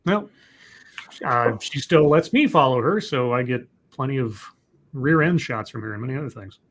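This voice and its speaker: A man's voice: medium pitch, animated, normal speed, fairly bright tone, a little hiss or hum. A man hosting a casual live podcast, reading out chat questions and rambling with frequent restarts.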